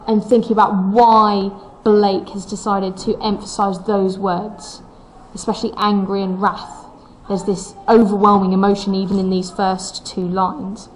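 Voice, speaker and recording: A woman's voice: mid-range voice, slight background noise, rough recording. A woman teaching a recorded English lesson, explaining a poem step by step and reading its lines aloud with the stresses brought out.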